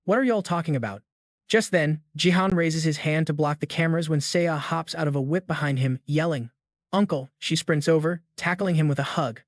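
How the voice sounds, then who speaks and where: A man's voice: on the high side, fairly even intonation, normal speed, hardly any pauses, no room sound, studio quality. Hyped, slangy male recap narrator. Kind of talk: scripted story narration.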